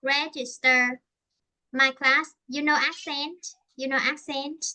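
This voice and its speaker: A woman's voice: high-pitched, steady tone, slow pace, sharp tone, rough recording. A woman English teacher with a southern Vietnamese accent, chatting and explaining at length in a conversational lesson, with many fillers and restarts.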